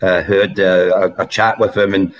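A former footballer, a man, guest on a podcast, telling anecdotes in a lively way and laughing through his stories. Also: deep voice, normal speed. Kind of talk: anecdotal storytelling.

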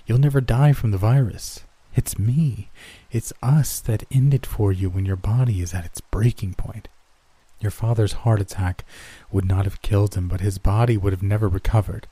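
A calm, ageless soul-taking creature speaks in a storybook horror tale, as a man reads it out. Its delivery is solemn and matter-of-fact, low and mellow rather than menacing. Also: moderate pace, husky, no echo. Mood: explaining. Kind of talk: storybook reading.

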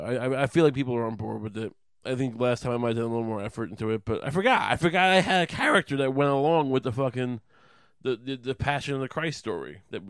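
A man's voice: medium pitch, clean tone, no echo. A man hosting a podcast, ranting in a profane, rambling comedic way. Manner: profane, rambling, laughing at his own jokes. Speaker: podcast host. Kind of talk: casual comedic rant.

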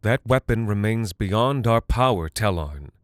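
A man voicing an older woman bard who speaks low and gravely in warning. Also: expressive, a little slow, no room sound, studio quality.

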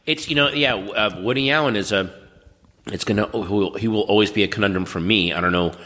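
Low-voiced man, rambling storyteller. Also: bright, forceful tone. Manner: rambling storyteller, quick asides and impressions. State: dry throat, clearing it. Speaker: podcast guest. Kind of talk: casual chat.

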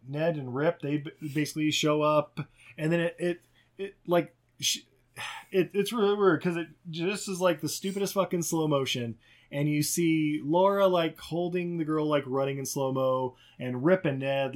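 A podcast co-host recapping a movie in casual chat, rambling and profane, often laughing and acting out characters. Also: medium pitch.

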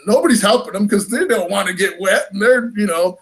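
Man, high voice, animated storyteller who laughs as he goes. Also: brisk, vocal fry, few pauses. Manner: animated, laughing, acts out quoted lines. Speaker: fishing tournament angler. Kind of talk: casual storytelling.

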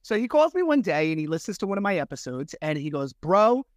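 Podcast host, male, slightly high voice, chatty and animated, dry close sound. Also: fast talker, no room sound. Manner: chatty, animated storyteller with fillers. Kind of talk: casual podcast chat.

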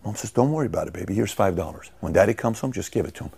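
A man voicing a protective mother who speaks softly to her son in a story he tells. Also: on the low side, expressive, very fast, gravelly, slightly rough, exaggerated voice. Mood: soothing. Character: soft-hearted mother, protective, later fed up.

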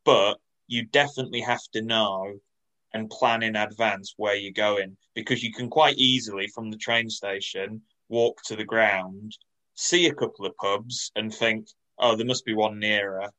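A man co-hosting a podcast in casual chat, measured and dryly teasing. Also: on the low side, steady tone, sharp tone, poor audio. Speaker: podcast co-host.

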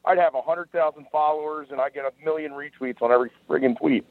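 A man's voice: on the high side, quick pace, no room sound. A man, co-hosting a podcast in casual chat, telling stories in a wry, laid-back way. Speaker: podcast co-host. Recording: tinny phone-line sound.

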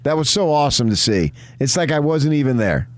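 A man's voice: medium pitch, lively intonation, a little fast, no echo, studio quality. A middle-aged man from New Jersey, chatting casually and telling rambling anecdotes as a co-host. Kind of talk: casual chat.

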